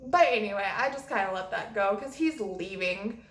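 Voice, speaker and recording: A woman's voice: medium pitch, lively intonation, normal speed, a bit bright. Profane, dramatic young woman in an echoey room. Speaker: vlogger. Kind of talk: storytime vlog.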